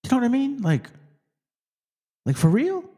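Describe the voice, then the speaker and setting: A man's voice: very high voice, wildly swooping pitch, normal speed, mellow, slightly rough. A man hosting a Bible study commentary, emphatic and streetwise, who keeps checking in with the listener. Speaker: host.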